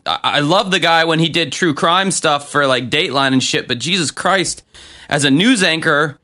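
A man with a bright, forceful voice, co-hosting a loose conversation. He rants with a lot of swearing and speeds up when he gets worked up. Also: a little high. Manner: profane, ranting, fast and animated. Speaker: podcast co-host. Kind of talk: casual chat.

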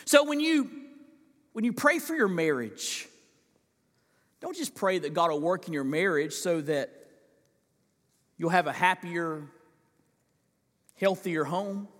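A man preaching a sermon as pastor, impassioned, swinging from loud pleading to hushed asides. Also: sits high, lively intonation, slow pace, long pauses, big-room sound. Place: large church sanctuary.

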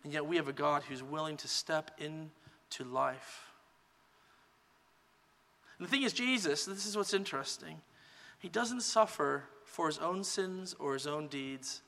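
A man preaching a sermon as pastor, in a relaxed conversational teaching manner. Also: on the high side, creaky, long reverb tail. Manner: relaxed conversational teaching, many "kind of" hedges.

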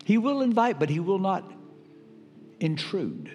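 Older preacher, lively swinging pitch. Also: male voice, soft background music. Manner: emphatic preaching with dramatic pauses and pitch swings. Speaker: pastor. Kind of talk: sermon. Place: church sanctuary. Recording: reverberant church hall.

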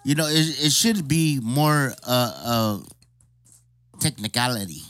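A man's voice: mid-range voice, slow pace, a bit bright, no room sound. A man in a laid-back casual chat who keeps saying "you know what I mean" and "dude".

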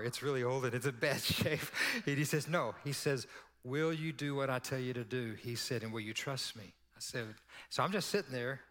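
A pastor tells his congregation a personal story in a relaxed, chatty sermon, his voice at an ordinary middle pitch and fairly bright. He slips in little laughs between lines and acts out the voices of people he quotes, while a long reverb trails each phrase through the sanctuary.

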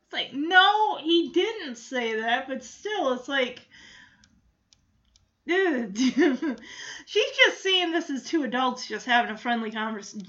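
A woman's voice: sits high, lively intonation, takes it slowly, fairly bright tone, muffled recording. Chatty woman recapping a sitcom. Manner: chatty, giggly, lots of fillers like "like" and "you know". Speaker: show recap host. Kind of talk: casual episode recap.

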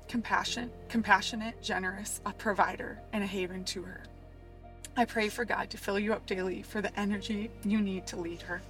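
A woman, a church staff member, reading a heartfelt personal letter aloud from inside a parked van. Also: mid-range voice. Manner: heartfelt, tender.

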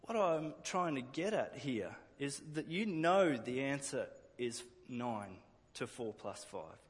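A man's voice: mid-range voice, animated, slow, husky, long reverb tail. A man preaching a sermon earnestly, often repeating words as he restarts a phrase. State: emotional at times.

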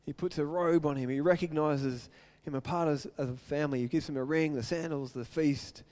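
A man's voice: fairly high pitch, steady tone, fairly quick, a little mellow. A male pastor preaching an earnest sermon, retelling a story and acting out its quotes.

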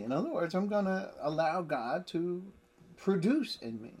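A man leads a Bible study with a husky, slightly breathy voice. He speaks emphatically, reading verses and explaining them with everyday examples. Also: fairly high pitch, animated, normal speed, a little mellow. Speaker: Bible teacher.

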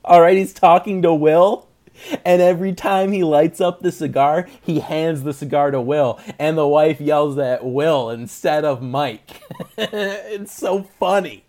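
A man's voice: a little high, measured pace, darkish tone. A young man hosting a podcast, chatting casually, rambling through jokes and laughing often. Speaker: podcast host. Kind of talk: casual chat.

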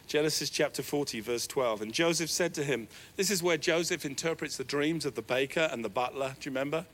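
A man preaching a sermon as pastor, animated, with sudden swings between loud, raised lines and quiet asides. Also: fairly high pitch, a little fast.

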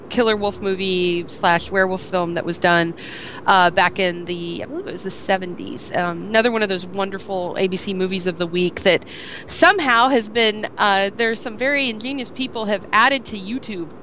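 A woman hosting a podcast in casual chat, relaxed and giving recommendations with small hesitations. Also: medium pitch, normal speed, slight background noise. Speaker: podcast host.

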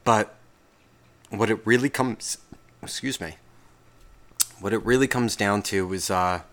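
A man's voice: lowish voice, unhurried, fairly bright tone. A man hosting a solo podcast, ranting in a casual, rambling way, swearing constantly and cutting himself off mid-sentence. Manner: profane, rambling, self-interrupting. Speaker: podcast host.

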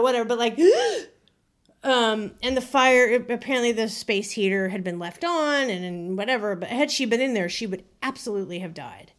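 A woman's voice: on the high side, moderate pace, a bit bright. A woman telling a personal story on a podcast in a casual, chatty way, with many fillers and building suspense.

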